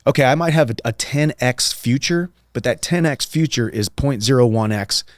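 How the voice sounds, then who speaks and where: A man's voice: medium pitch, moderate pace, no room sound, clean studio sound. A man in his thirties, a guest on a podcast, talking earnestly and emphatically and repeating phrases for rhythm. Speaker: guest, professional fighter. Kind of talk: casual podcast conversation.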